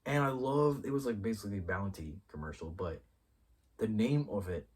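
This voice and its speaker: A man hosting his own review show, chatting casually and excitedly, swearing freely and rambling as he thinks aloud. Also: on the low side, moderate pace, slightly rough, distant mic. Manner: excitable and profane, acts out characters' lines mid-sentence. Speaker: YouTube show host reviewing a TV episode. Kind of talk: casual spoiler review talk.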